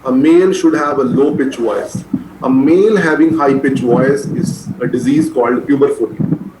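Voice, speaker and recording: A man's voice: medium pitch, moderate pace. A man giving a medical lecture, repeating key terms so students can write them down. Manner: repetitive, drilling key terms for exams. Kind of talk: classroom lecture. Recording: roomy echo, faint noise.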